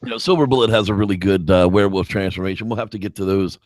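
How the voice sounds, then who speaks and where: A man's voice: deep voice, very fast, no echo, studio quality. A man co-hosting a movie review show in casual, rambling chat, swearing freely and launching into impressions. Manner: lively, rambling, swearing, jumping into voices.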